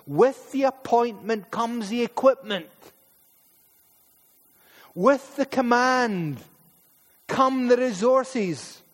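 A man's voice: extremely high pitch, very slow, long pauses. A Scottish man preaching a sermon in church, emphatic and prone to repeating words and taking asides. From Paisley, Scotland. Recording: long hall reverb.

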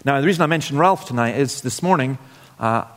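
A man's voice: mid-range voice, a little fast. Scottish-based man preaching in a reverberant church. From Scotland. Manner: informal, storytelling, wry asides. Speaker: guest preacher. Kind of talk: sermon. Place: church hall. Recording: long hall reverb.

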